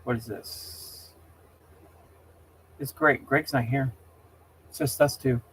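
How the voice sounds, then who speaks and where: A man's voice: medium pitch, slow pace, long pauses, a bit bright, breathy edge. A man hosting a casual livestream, rambling, getting heated and exasperated as he talks. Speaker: livestream host.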